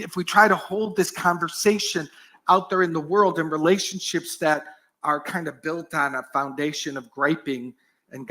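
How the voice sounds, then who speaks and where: A middle-aged male pastor giving an earnest sermon, shifting often from strong emphasis down to soft, almost whispered phrases. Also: a little high. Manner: earnest, varied dynamics, drops to soft near-whispers.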